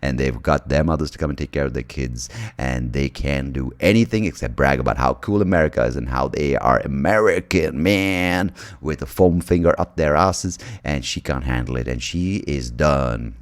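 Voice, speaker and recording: A man's voice: a bass voice, moderate pace, hardly any pauses. A young man, hosting a comedy podcast with a profane, sardonic storytelling manner. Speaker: comedian host. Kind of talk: stand-up style monologue and podcast intro.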